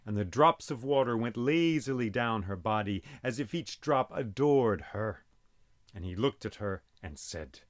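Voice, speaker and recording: Animated male myth storyteller. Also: mid-range voice, measured pace, dry recording, studio quality. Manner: animated, dramatic, sound effects in speech. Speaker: storyteller and podcast host.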